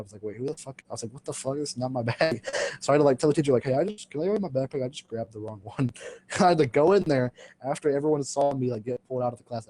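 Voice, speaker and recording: A man's voice: medium pitch, dark tone. A teenage boy casually telling a school story on a podcast, full of fillers and laughing as he goes. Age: teens. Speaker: podcast co-host.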